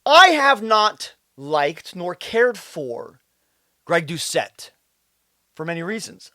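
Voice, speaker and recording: A man, a fitness coach, talking to camera in a swearing rant that swings from loud outbursts down to low muttering. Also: sing-song, slow, no room sound, clean studio sound. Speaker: fitness coach and video creator. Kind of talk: profane ranting monologue to camera.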